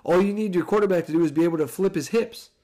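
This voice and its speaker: A man, a father with young kids, giving a rambling, animated solo commentary on a football game and correcting himself as he goes. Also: sits high, quick pace. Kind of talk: casual solo sports commentary.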